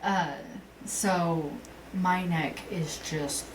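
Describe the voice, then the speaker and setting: Woman, podcast co-host, casual storytelling, lower voice, a bit off-mic with faint hiss. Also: extremely slow, distant mic. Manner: animated storyteller, acts out quotes, swears.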